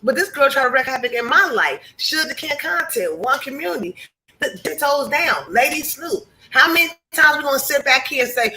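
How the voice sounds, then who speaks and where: A woman hosting a livestream, lecturing her chat in a blunt, heated way and swearing freely. Her voice is very bright and sharp. She sounds preachy and fired up. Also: sits high, big pitch swings, moderate pace, low-quality recording. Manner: blunt, profane, preachy, addresses chat viewers. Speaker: livestream host.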